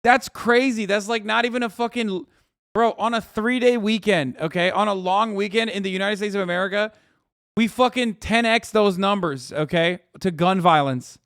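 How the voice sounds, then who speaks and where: A man streaming reaction commentary, talking in a profane, animated and mocking way. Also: high-pitched, normal speed, smooth, dry recording, studio quality.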